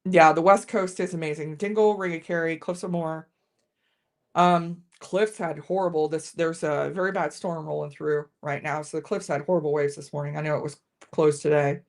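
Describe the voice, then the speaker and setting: A woman's voice: low-pitched, steady tone, moderate pace. A woman hosting a casual live-stream whiskey tasting, chatting with viewers and often restarting her sentences.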